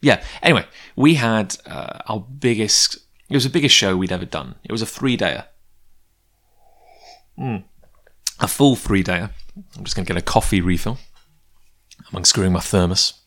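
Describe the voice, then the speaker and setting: A man with a very low, deep voice tells a long personal story in a loose, casual way. He wanders off on tangents and pokes fun at himself as he talks about his comics work. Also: moderate pace, pauses often, fairly bright tone. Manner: rambling, goes off on tangents. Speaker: comic book creator.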